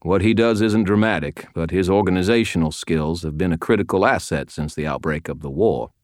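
A man voicing a gruff, weary old wizard who talks in a folksy, plain-spoken way. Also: sits low, fairly quick, no echo, clean studio sound, lightly acted.

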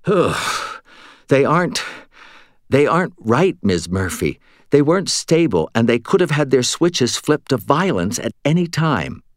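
A man voicing an earnest young female wizard apprentice in an audiobook, raising his pitch for her. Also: expressive, normal speed, few pauses, dry recording, clean studio sound, lightly acted. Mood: uneasy. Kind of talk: audiobook character reading.

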